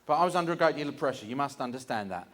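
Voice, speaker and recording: A man's voice: mid-range voice, expressive, very fast, fairly bright tone. A man doing a stand-up comedy story on stage, theatrical and mock-anguished. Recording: live stage recording with audience noise.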